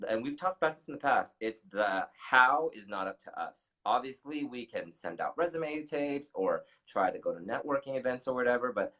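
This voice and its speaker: A man's voice: mid-range voice, lively intonation, normal speed, few pauses, pushed and bright, rough recording. A middle-aged man co-hosting a casual talk show, speaking earnestly in a motivational way and laughing easily. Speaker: co-host.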